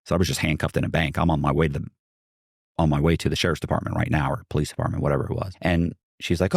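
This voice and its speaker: A man with a low, deep voice telling a long anecdote as a podcast guest, acting out the people in it with colorful swearing. He is recorded close on a studio mic in a dry, dead space. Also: rapid-fire, creaky, husky, no echo. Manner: animated, acts out quotes, swears. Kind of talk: casual storytelling.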